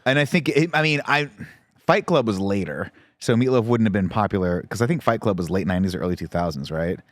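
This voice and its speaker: A man co-hosting a podcast, telling lively stories and breaking into laughter. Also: lowish voice, fast talker, no room sound, studio quality. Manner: animated storyteller who breaks into laughter. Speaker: podcast co-host. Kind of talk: casual chat.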